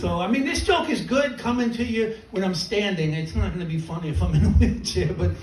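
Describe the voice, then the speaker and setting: Animated stand-up comic man, roomy club. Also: high voice, brisk, a little hiss or hum. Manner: rambling, self-mocking, lively delivery. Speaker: stand-up comedian. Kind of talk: stand-up comedy set. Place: comedy club stage. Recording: roomy club from a distance with crowd laughter.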